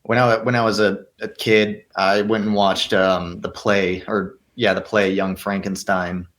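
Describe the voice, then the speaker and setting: A young man with a fairly low voice speaks as an interview guest. He is earnest and reflective, pausing to restart his thoughts as he explains his craft. The delivery is measured and sincere. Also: flat delivery, a bit bright. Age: young adult. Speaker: actor and guest. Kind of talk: interview answers.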